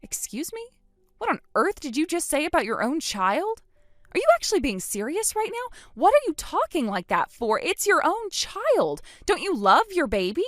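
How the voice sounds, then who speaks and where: A woman's voice: sits high, sing-song, moderate pace, few pauses, fairly bright tone, no room sound, studio quality. A woman playing an earnest, outraged young aunt. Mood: pleading. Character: indignant young aunt defending her brother's baby. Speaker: voice actor in a text-story drama. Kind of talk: scripted dialogue reading.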